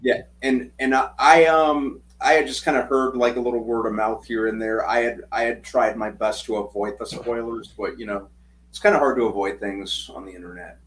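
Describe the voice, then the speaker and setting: Brief mid-pitched male co-host, eager, halting restarts, faint hum. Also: steady tone, poor audio. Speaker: podcast co-host. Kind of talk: casual chat.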